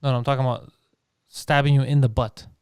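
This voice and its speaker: A man's voice: medium pitch, little pitch movement, fast talker, darkish tone, clean tone, dry recording, clean studio sound. A man co-hosting a casual comedy podcast, telling stories in a brash, teasing way. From Greek family background. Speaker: podcast co-host.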